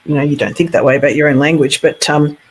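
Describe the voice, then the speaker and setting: A man's voice: on the high side, level tone, quick pace, a little hiss or hum. A man from Australia chatting casually on a live stream, rambling with many fillers. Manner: rambling, lots of fillers like you know. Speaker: film producer guest.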